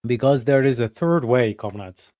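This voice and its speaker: A man streaming a casual, rambling monologue, swearing constantly and full of fillers and restarts, going from emphatic to low muttered asides. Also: normal speed, a little mellow, no echo, studio quality. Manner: profane, filler-heavy, restarts often. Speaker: streamer hosting a study session.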